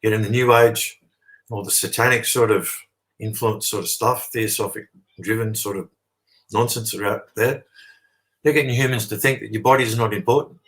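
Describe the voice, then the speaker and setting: A lowish, grounded male voice with an Australian accent, holding forth at length as a guest. He drives his points home with stress on key words and keeps pausing to ask "okay?" before pressing on. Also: steady tone, fairly bright tone, rough recording. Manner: emphatic, checks in with "okay?", leans on "sort of". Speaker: interview guest. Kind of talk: long explanatory monologue.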